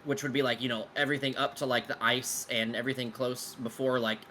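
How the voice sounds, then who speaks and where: A man's voice: mid-range voice, little pitch movement, quick pace, pushed and bright, a little hiss or hum. A man running a tabletop game as game master, casually explaining his world to players with lots of fillers and some swearing. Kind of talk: answering player questions out of character.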